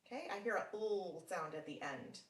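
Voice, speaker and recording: A woman's voice: on the low side, expressive, fairly bright tone, far from the mic. Patient phonics teacher woman, slightly roomy. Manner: patient, encouraging, with frequent praise; slow, deliberate sounding out of words. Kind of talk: one-on-one phonics lesson. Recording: roomy sound from off mic.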